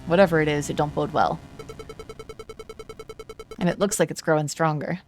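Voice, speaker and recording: A woman's voice: sits low, steady tone, moderate pace, faint music behind, natural voice. A woman voicing a weathered, wary old sailor in his seventies with plain rustic speech. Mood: uneasy.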